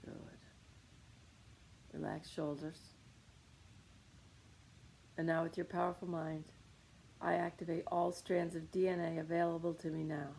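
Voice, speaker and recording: A woman's voice: low-pitched, flat delivery, a little slow, gravelly, long pauses, a little mellow, a little hiss or hum, rough recording. A woman leading a guided meditation on anger, coaching listeners with short repeated commands.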